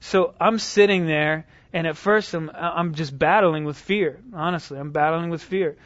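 A man with a fairly high voice tells stories to teach a group, lively and conversational, often restarting his sentences. The recording is dull and lo-fi, with a dry, close sound and no room echo. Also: normal speed. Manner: conversational, animated retelling with restarts. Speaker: speaker teaching evangelism. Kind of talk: storytelling lecture.

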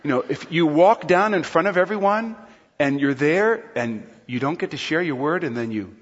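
A male pastor preaching a sermon in a large church hall, lively and playful, often acting out quotes. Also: on the high side, moderate pace. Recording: long hall reverb, dull sound.

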